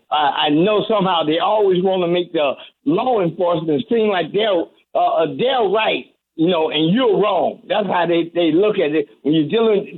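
High-voiced reverend on a tinny phone line. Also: male voice. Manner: earnest, heavy-hearted, many restarts. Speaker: reverend and community advocate. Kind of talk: guest on call-in radio.

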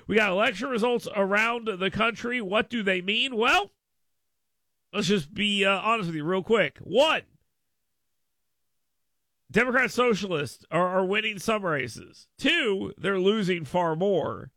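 Man, talk radio host, rambling and repetitive, high voice, gravelly fry, dry studio mic. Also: expressive, a little slow, sharp tone, no room sound. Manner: rambling and repetitive, laughing often. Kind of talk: casual talk radio rant.

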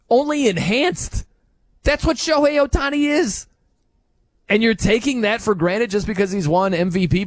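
Sports talk guy going off, kinda high voice, swings all over, dry sound. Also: no room sound. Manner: animated, incredulous, ranting with laughs.

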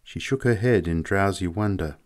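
A man narrating a story as an audiobook, in a measured, unhurried way. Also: low voice. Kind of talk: audiobook reading.

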